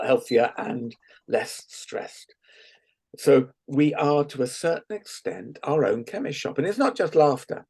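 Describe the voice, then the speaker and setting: A man leading a guided laughter exercise over a video call, playful and gently coaxing, often laughing. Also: a little high, husky. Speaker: laughter workshop leader.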